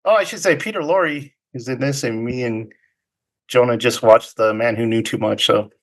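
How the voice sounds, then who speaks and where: Another podcast co-host, this man speaks at medium pitch and moderate pace while casually going over a film, keeping things loose and laughing a lot.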